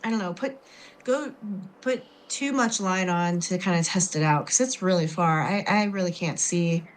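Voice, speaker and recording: A woman's voice: fairly low pitch, moderate pace, poor audio. A woman playing a tabletop game, speaking in character in a chatty, rambling way. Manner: chatty and rambling, with many I means. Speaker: player.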